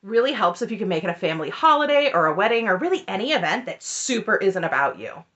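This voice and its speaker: A woman in her thirties delivers an opinionated TV recap with a lively voice that swoops up and down. She sounds sarcastic and exasperated, and she laughs often as she talks. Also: mid-range voice, quick pace, highs cut off. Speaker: reality TV recap YouTuber.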